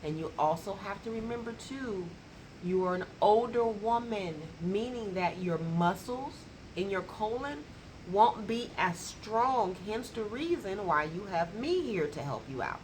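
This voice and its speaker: A woman's voice: mid-range voice, expressive, measured pace, a little hiss or hum, rough recording. A woman who works as a colon hydrotherapist tells a client story in a colloquial, emphatic way and acts out the dialogue. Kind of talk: storytelling to camera.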